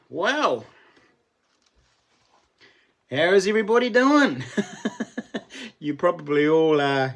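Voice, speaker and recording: A middle-aged New Zealand man hosts a relaxed livestream chat. His voice sits fairly high for a man, and he talks in a chatty, easygoing way, greeting viewers by name and laughing often. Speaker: livestream host.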